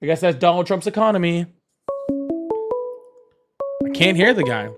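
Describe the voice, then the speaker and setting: A young man hosts a live political call-in stream. His voice sits high for a man. He talks in an animated, casual way, laughs easily and is blunt with difficult callers. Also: moderate pace, loud music behind the voice. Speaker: livestream political call-in host. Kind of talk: casual livestream chat, reading donor messages.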